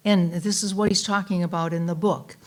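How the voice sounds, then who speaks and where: A woman minister giving a conversational Sunday talk, telling a story in a relaxed way with fillers and restarts. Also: fairly low pitch, a little fast. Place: church sanctuary.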